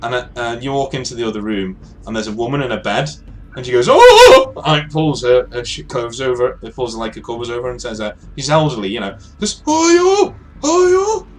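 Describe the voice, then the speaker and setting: A man's voice: mid-range voice, quick pace. A man running a tabletop game as game master, describing scenes loosely with many restarts.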